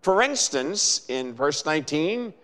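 A man preaching a sermon in a measured, emphatic way, with dramatic pauses. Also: on the high side, sing-song, fairly bright tone. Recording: long hall reverb.

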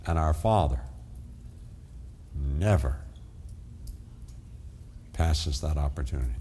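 An older man, a pastor, delivering an earnest sermon with dramatic pauses, telling stories and then praying. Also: deep voice, a little mellow.

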